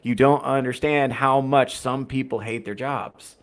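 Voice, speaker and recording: A man's voice: medium pitch, fairly even intonation, unhurried, clear, resonant tone. A man hosting a casual livestream podcast, rambling through viewer chat in a wry, profane way. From United States. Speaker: podcast host reading chat.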